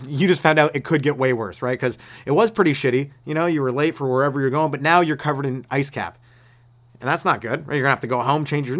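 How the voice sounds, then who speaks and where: A man's voice: medium pitch, a bit bright. Laid-back rambling comedian man. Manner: laid-back and meandering, with restarts and acted-out voices. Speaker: stand-up comedian hosting a solo podcast.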